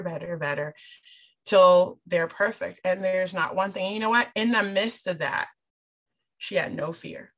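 A woman sharing a personal testimony in a sermon, telling her story with emphasis and acting out the dialogue. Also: medium pitch. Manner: animated storyteller who acts out dialogue; emphatic, repeats phrases for stress. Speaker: church speaker sharing a testimony.

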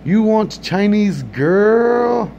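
A man voicing a grinning, pushy male restaurant host who speaks in slow, clipped, broken phrases. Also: high voice, expressive, darkish tone, slight background noise, pitched above the performer's own voice, heavily acted. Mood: insistent.

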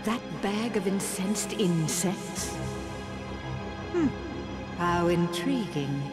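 A regal, scheming sorceress, speaking slowly and deliberately with sneering menace. Loud music plays under this video game cutscene. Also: female voice, on the low side, expressive. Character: haughty evil sorceress queen, scheming.

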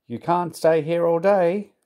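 A man voicing a cross male railway inspector, speaking loudly and sternly. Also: mid-range voice, animated, measured pace, voice pushed up. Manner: cross and loud.

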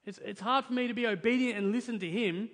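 A man's voice: very high-pitched, quick pace, fairly bright tone. A young man, preaching a sermon as pastor, earnest and emphatic, often checking in with "right?". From Australia. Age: young adult. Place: church hall, in front of a congregation. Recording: reverberant church hall.

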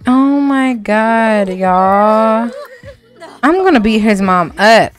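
A woman's voice: fairly high pitch, lively intonation, extremely slow, faint music behind. A woman commenting on her life-sim game as a let's play host, dramatic and slangy, full of exclamations and swearing.

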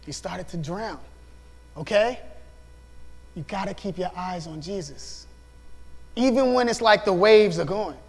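Male youth pastor, high voice, lively storytelling sermon, reverberant hall. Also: unhurried, long pauses. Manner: animated, acts out voices, laughs often.

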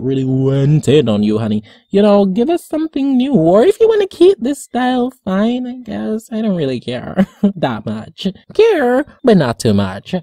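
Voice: no room sound, studio quality. Gushing, dramatic cartoon review host. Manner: gushing, dramatic, sassy, calls people honey; swoops high in pitch when excited. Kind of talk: excited casual review vlog.

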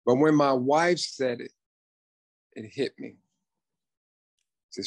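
A man's voice: mid-range voice, slow pace, pauses often, no room sound. A man in his fifties, a former ballplayer and coach, chatting casually as a podcast guest and acting out past conversations as he tells them. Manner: storytelling, quotes himself and others in dialogue.

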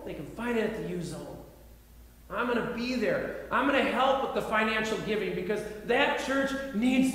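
Earnest preaching man in echoing church. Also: high voice. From United States. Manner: earnest, repeats phrases, shifts between loud appeals and quiet reflection. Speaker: pastor. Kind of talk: sermon. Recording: echoey hall, faint background noise.

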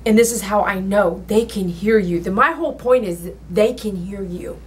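A woman who works as a dog groomer, telling a personal story in her salon while she works, rambling and emotional with sudden loud exclamations. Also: mid-range voice, normal speed, a little hiss or hum. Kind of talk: casual storytelling while working.

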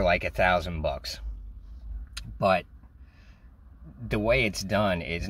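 Low-voiced New man telling a story. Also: fairly bright tone. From New York. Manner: profane, rambling, laughs often. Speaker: vlogger. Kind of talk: casual storytelling.

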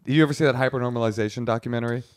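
A man's voice: mid-range voice, steady tone, no echo. Podcast co-host, man, wry and musing, dry close mic. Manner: musing, wry, quick asides. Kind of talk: casual podcast chat.

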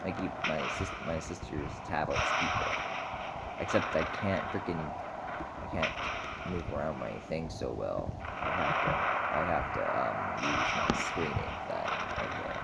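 A man giving rambling, excitable gameplay commentary, swinging from mumbles to sudden yells. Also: very deep voice, measured pace, gravelly. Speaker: gamer. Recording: noisy recording.

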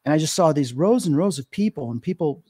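Earnest man in his fifties, mellow voice. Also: a little high, lively intonation, quick pace, husky. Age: 50s. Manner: earnest, emotional storytelling with many fillers. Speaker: psychic medium guest. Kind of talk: podcast interview, storytelling.

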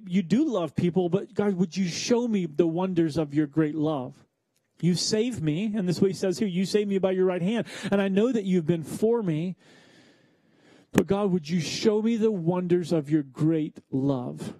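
Young man, pastor, conversational sermon, slows for emphasis, warm tone, dry close sound. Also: high-pitched, dry recording.

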